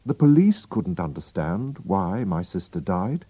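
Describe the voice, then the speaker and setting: A man slowly and expressively reading a storybook aloud for learners. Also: low-pitched, sing-song, dark tone, husky, no echo. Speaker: narrator.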